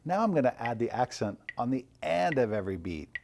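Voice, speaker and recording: A man teaching an online percussion lesson, calmly coaching and counting rhythms aloud. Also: medium pitch, brisk, creaky, slight background noise.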